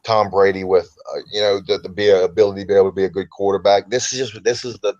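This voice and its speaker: A relaxed man with a low baritone and a light Southern American accent rambles comfortably as an interview guest. He sounds a little dull and lo-fi, as if he is coming in over a remote call. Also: fast. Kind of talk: casual interview talk.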